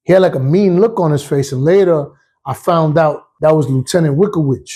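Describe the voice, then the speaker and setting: A man's voice: fairly high pitch, fairly quick, mellow, slightly rough. A man, a retired police officer telling stories in a casual, streetwise way and acting out the voices. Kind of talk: personal storytelling.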